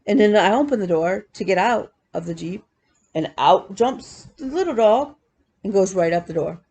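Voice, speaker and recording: Gravelly-voiced chatty woman vlogger. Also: medium pitch, normal speed. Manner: chatty, animated storytelling with laughs. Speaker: cross-stitch vlogger. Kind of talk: casual chat.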